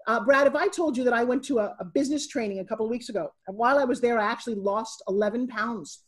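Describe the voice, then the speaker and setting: A middle-aged woman, a guest on a podcast, telling stories in an animated way and acting out what people said. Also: a little high, quick pace, husky. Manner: animated storyteller, acting out quotes. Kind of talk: casual interview.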